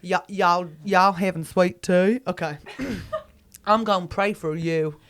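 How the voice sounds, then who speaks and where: Folksy Texan rancher, played by a woman, mock Texan drawl, lower voice, quiet. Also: slow pace. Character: big Texan cattle-ranch man, folksy.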